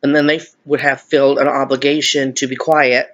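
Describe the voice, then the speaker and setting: A man's voice: medium pitch, level tone, a little fast, fairly bright tone. A middle-aged man in a chatty eating vlog, rambling and laughing as he talks to viewers. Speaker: vlogger. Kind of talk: mukbang chat, eating on camera.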